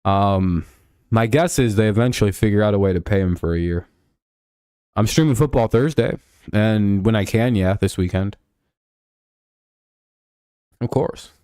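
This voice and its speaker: A man's voice: on the low side, moderate pace, dark tone, clear, resonant tone, no room sound, clean studio sound. A man streaming live, talking football in a rambling, profane way with lots of fillers and restarts. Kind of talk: casual live-stream sports chat.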